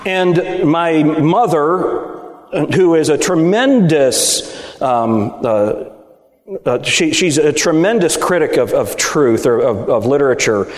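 A man's voice: a little high, expressive, takes it slowly. A middle-aged man, a Baptist preacher, giving an emphatic sermon to fellow preachers and often asking them whether they agree. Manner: emphatic, rhetorical, seeking agreement from the audience. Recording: echoey hall, speaker at times off mic.

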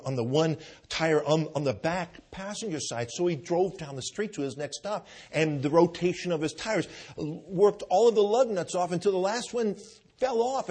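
A man's voice: a little high, a little mellow, breathy edge. A middle-aged man preaching a sermon, telling stories and often asking the congregation for an "amen". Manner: storytelling with asides of "amen".

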